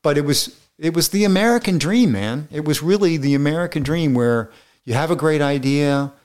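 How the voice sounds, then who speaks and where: A man's voice: on the high side, expressive, moderate pace, a little mellow, smooth. A middle-aged man, a film director being interviewed, telling long, rambling stories in a casual way with many restarts.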